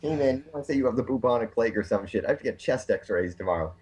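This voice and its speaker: A man co-hosting a podcast, telling profane, animated stories with a chesty cough. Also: medium pitch, racing, slightly rough. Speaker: podcast co-host. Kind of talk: casual chat.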